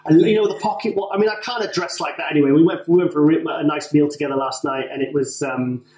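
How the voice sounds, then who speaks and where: A man's voice: a little high, fast talker, a little mellow. A British man co-hosting a casual chat, teasing and rambling with frequent restarts. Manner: rambling, self-correcting, teasing. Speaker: co-host. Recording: roomy, from far off the mic.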